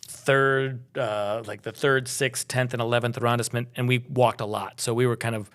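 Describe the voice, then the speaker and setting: A man's voice: mid-range voice, level tone, moderate pace, fairly bright tone, clear, resonant tone. A middle-aged man from Minnesota co-hosting a travel podcast, telling stories in a rambling casual chat. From Minnesota, USA. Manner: rambling, storytelling with restarts.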